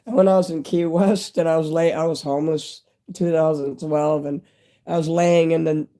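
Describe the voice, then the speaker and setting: Hoarse fiftysomething guy on a live stream, stuffy nose, mellow lowish-bright tone, rambling chat. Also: little pitch movement, normal speed. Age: 50s. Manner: rambling, candid, talks straight to viewers. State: hoarse, losing his voice.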